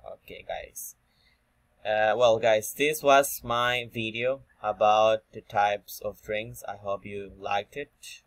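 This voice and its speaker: Slow man, filler-heavy explainer. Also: fairly low pitch, steady tone, a bit bright, no room sound. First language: Spanish. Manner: frequent "okay" and fillers, repeats himself. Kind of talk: informal explanatory video talk.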